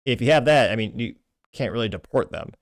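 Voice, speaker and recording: A man from Texas hosting a political commentary show, reading posts aloud with quick, opinionated asides. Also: medium pitch, lively intonation, no echo, clean studio sound. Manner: quick, opinionated, frequent restarts. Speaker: host.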